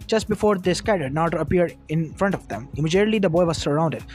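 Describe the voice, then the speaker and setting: A man's voice: fairly high pitch, expressive, fast talker, darkish tone. A man reading a fan fiction story aloud, with small stumbles and restarts. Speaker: narrator. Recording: music under the voice. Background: lofi background music.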